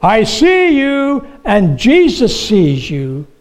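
Man squawking as a shrill pet parrot. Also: huge pitch swings, exaggerated voice. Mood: eerie. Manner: slow, drawn-out squawking repetition.

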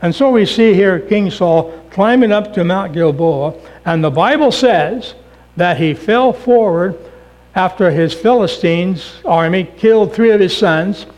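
A man preacher telling a story in a sermon, dropping his voice low for emphasis. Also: slow pace, darkish tone, low-quality recording.

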